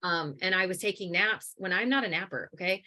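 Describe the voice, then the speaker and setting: Bright-voiced woman telling her story. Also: on the low side, a little fast. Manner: animated storyteller, many fillers. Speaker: guest, coaching business owner. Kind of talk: casual interview.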